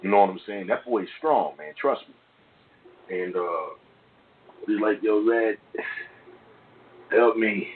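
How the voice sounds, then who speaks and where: A man's voice: deep voice, lively intonation, unhurried, long pauses, slightly rough. A middle-aged man, a guest in an interview, telling stories casually in loose street slang and often tagging "man" and "you know what I'm saying". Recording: tinny phone-like sound with faint noise.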